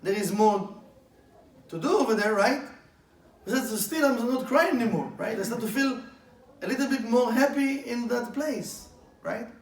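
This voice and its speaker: A man's voice: extremely high pitch, moderate pace, pauses often. A man teaching a Kabbalah class in eager, broken English, asking his listeners one question after another. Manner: eager, asks many questions; broken, non-standard English grammar. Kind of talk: class lecture. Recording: echoey room, mic far off.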